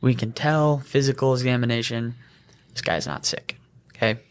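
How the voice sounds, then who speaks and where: A young man co-hosting a podcast, telling an animated work story and laughing as he goes. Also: mid-range voice, moderate pace, clean tone. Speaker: EMT podcast co-host. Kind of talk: casual storytelling chat.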